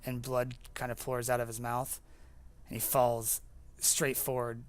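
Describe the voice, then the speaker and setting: A man's voice: medium pitch, completely flat delivery, measured pace, clear, resonant tone. Young male game master, casual narration, filler-heavy, mid-range voice.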